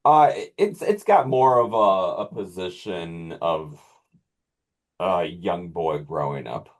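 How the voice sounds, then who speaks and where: Deep slow-talking man, laid-back. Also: lively intonation. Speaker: podcast co-host. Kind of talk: casual chat.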